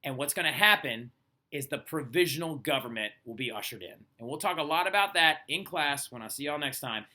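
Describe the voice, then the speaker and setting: Young male teacher, animated casual lesson delivery; a bit high-pitched, very bright, edgy tone. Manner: chatty, animated, lots of "like" and "right?", acts out quotes. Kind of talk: casual recorded history lesson.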